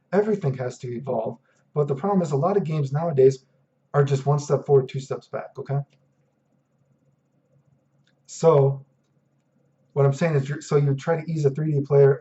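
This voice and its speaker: In a ranting vlog monologue, a male vlogger sounds profane, exasperated and sarcastic. His voice is warm and sits on the high side, and the audio is dull and lo-fi.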